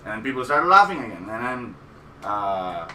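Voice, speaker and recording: A man's voice: on the low side, very animated, moderate pace, sharp tone, roomy sound, distant mic, slight background noise, low-quality recording. A man co-hosting a casual podcast, telling a long stand-up story with many fillers and laughs. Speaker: podcast co-host, comedian.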